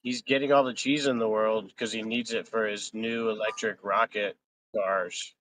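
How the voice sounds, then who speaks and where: A man with a slightly low voice banters loosely on a live stream, rambling from joke to joke. A faint hum sits under his voice. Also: level tone, normal speed, low-quality recording. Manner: joking, rambling, laughs often.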